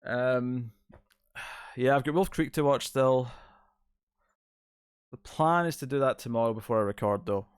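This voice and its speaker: A man hosts a relaxed livestream from his couch at home, rambling and answering chat messages in a middle-pitched voice. The sound is dry, with little room echo. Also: measured pace, long pauses, clear, resonant tone. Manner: laid-back, rambling, reads chat aloud. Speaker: streamer host. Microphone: distant mic, moves out of frame.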